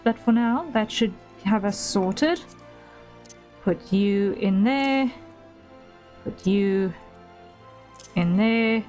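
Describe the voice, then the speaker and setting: Slow-talking woman game streamer. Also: medium pitch. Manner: musing, thinking aloud with small repeats. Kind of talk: casual chat while playing a game.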